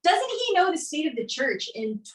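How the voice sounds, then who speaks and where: A woman's voice: very high voice, big pitch swings, moderate pace. A woman leading a casual church discussion, talking animatedly with many fillers and laughs. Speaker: discussion leader. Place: live church gathering in a room. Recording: echoey room from a distance.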